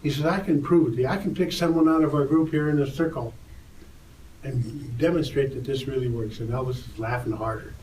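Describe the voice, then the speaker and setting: An older man tells a story with lively energy and lifts his voice for the quoted lines. He sounds set back from the mic in an echoey room. There is a faint hum of ambience behind him. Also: medium pitch, fairly quick, distant mic. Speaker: interview guest, tour photographer. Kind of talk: animated anecdote storytelling.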